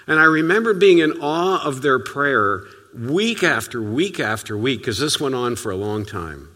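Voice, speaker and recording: Lively, forceful preacher in a reverberant hall. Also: male voice, mid-range voice, moderate pace. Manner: conversational, storytelling preaching with sudden soft drops. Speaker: pastor. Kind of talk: sermon.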